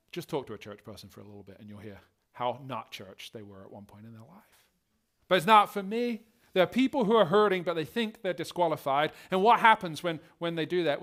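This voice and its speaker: A male pastor preaching a sermon and telling stories, acting out the scenes as he goes. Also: fairly high pitch. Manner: animated storytelling, acting out scenes.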